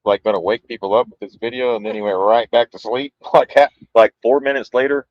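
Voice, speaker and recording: A man's voice: mid-range voice, steady tone, brisk, no echo, lo-fi sound. A man co-hosting a podcast, reacting to a clip with sarcastic, mocking remarks and swearing. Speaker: podcast co-host. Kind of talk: casual reaction chat.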